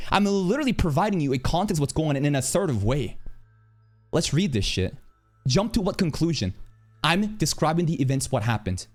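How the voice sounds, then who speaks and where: A man streaming an angry rant, aggressive and profane, speaking in a rapid, assertive way. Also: a little high.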